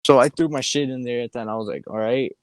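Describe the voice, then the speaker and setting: Young man, podcast co-host, casual chat, swears constantly, rambling, average pitch, dry sound. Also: fast, no echo. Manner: profane, rambling storytelling with frequent laughs. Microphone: podcast microphone.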